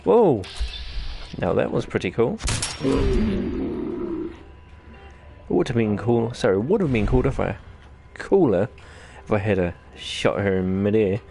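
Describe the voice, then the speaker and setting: Kiwi guy with a gravelly voice doing let's-play commentary, rambly and jokey. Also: fairly low pitch, expressive, measured pace, pauses often, over music. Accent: New Zealand. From New Zealand. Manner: rambling, jokey, self-deprecating chatter. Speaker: gaming channel host.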